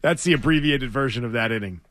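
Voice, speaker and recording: A man's voice: medium pitch, fast talker, fairly bright tone, dry recording, clean studio sound. A man hosting sports talk radio, blunt and mocking in his banter.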